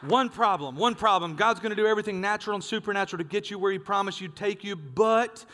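Brief: high-pitched male preacher, animated storyteller, big church hall reverb. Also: fast, a faint crowd. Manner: animated storyteller, acts out dialogue. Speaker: pastor. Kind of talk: sermon with storytelling.

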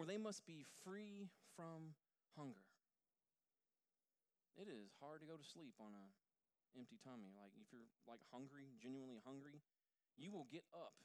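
Joking pastor preaching to a congregation. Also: male voice, on the high side, a little mellow. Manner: jokey, talks directly to the congregation. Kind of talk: casual conversational sermon. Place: church before a congregation.

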